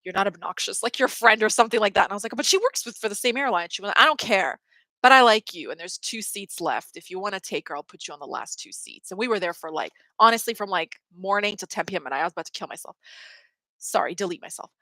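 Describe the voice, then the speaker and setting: A woman's voice: medium pitch, animated, fast, sharp tone, no room sound. A woman hosting a livestream, telling a rambling story in casual chat, full of "like" and laughing between words. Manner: chatty, rambling, heavy use of "like"; laughs mid-sentence while storytelling. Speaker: livestream host.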